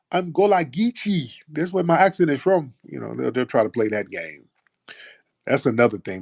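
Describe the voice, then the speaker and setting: A man's voice: on the low side, husky, dry recording, clean studio sound. A man hosting a comedic call-in show, mocking and repetitive as he confronts his callers. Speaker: host. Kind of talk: comedic call-in radio talk.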